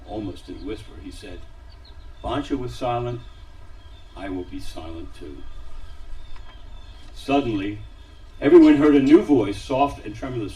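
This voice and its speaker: A man reading a story aloud at a synagogue service, dramatic, dropping to a hush on quiet lines. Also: mid-range voice, moderate pace, far from the mic, low-quality recording. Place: synagogue sanctuary.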